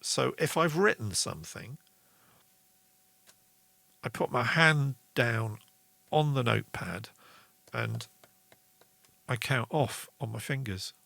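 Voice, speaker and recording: A man's voice: mid-range voice, lively intonation, slow, gravelly, pauses often, bright, forceful tone, dry recording. A man hosting a casual songwriting lesson, chatty, reading out viewer comments. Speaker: songwriting show host.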